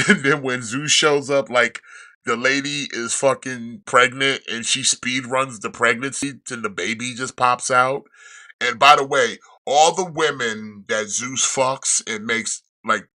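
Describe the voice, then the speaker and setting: A man hosting a podcast, retelling a series in casual chat with rambling, profane storytelling and quick restarts. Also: mid-range voice, steady tone, bright, forceful tone. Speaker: podcast host reviewing a show.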